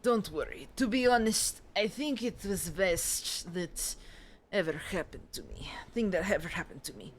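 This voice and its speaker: A woman voicing an eerie older male stranger in a frozen wilderness game, speaking low and hushed with an ominous manner. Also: expressive, unhurried.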